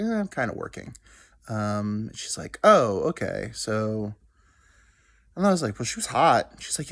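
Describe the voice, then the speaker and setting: A young man tells a long story in a loose, rambling way. His pitch swings freely as he acts out what others said, and he pokes fun at himself along the way. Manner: rambling, self-deprecating, quotes people in quick asides. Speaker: podcast host. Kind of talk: casual storytelling monologue.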